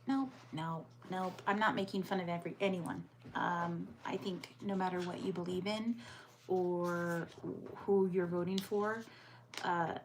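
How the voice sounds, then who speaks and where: An American woman hosting a casual livestream from home. She chats and answers viewer comments aloud, and sometimes drops into soft muttered asides. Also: fairly low pitch, slight background noise. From United States. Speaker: livestream host.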